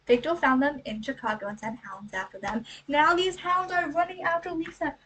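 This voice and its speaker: High-voiced woman chatting through a book recap. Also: fairly bright tone, distant mic, low-quality recording. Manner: chatty, rhetorical questions, acts out lines in quick asides. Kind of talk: casual book recap and analysis.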